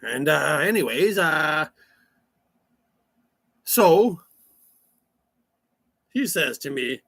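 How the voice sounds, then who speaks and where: A rambling country cousin with a drawl, played by a man for a comic monologue. His gravelly voice sits fairly high and bright, and he drags every folksy sentence out slowly. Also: animated, dry recording, heavily acted. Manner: slow, folksy, rambling storyteller.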